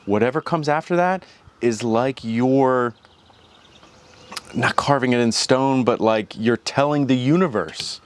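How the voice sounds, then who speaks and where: This channel host has an unhurried, mid-range male voice. He chats loosely on his own vlog, drifting into reflection and frequently starting sentences over.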